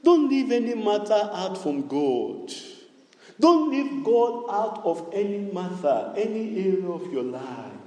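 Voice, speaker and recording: Man preaching slow n sing-songy, high lively voice, big echoey church hall. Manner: call-and-response preaching, repetitive, sing-song cadence. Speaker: pastor. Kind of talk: sermon.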